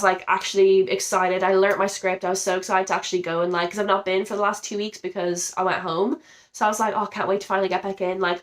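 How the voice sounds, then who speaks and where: A woman's voice: on the low side, fairly bright tone. A young woman in her twenties, sounding ill and under the weather, talking casually and emotionally to camera in a rambling vlog with many fillers. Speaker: vlogger. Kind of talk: casual confessional chat to camera.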